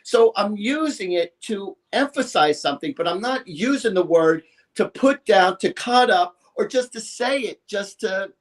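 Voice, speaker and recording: A man's voice: sits high, expressive, measured pace. A man in his fifties, a psychic guest on a talk show, talking in an emphatic, rambling way and acting out quotes. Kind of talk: animated talk show chat.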